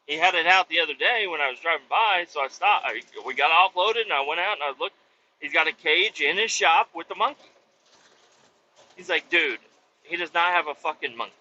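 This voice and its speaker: A man telling a casual story on his podcast, animated and swearing, acting out the voices of the people in it. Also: on the high side, moderate pace, muffled recording, a little hiss or hum. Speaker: podcast host.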